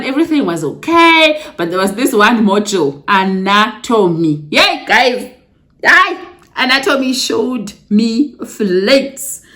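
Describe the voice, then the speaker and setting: A woman's voice: a little high, fairly bright tone. A young woman from Africa, telling her own story to camera in a casual vlog. She talks to viewers as guys and drops exclamations like yay and yo. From South Africa. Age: young adult. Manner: emotional, close to tears at times. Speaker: vlogger.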